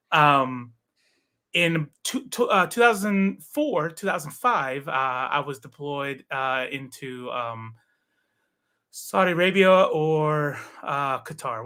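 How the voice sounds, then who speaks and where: A man's voice: fairly high pitch, bright, forceful tone. A man in his forties, a guest in a casual interview, telling a long personal story with many fillers and restarts. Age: 40s. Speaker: podcast guest.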